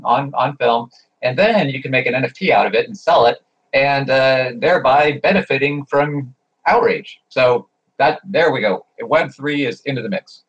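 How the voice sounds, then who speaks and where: A man in a casual group chat, thinking aloud through a speculative idea. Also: mid-range voice. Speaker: participant. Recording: dull lo-fi sound.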